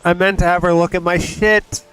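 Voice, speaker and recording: A man casually commenting while playing a video game on a livestream, with relaxed, wry asides. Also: high-pitched, normal speed, clean tone, soft background music. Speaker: gaming streamer.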